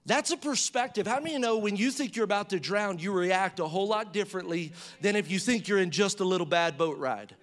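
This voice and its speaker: A man preaching a sermon in a conversational style, asking the audience rhetorical questions and acting out quotes with rising pitch and volume. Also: fairly quick, few pauses. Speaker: pastor.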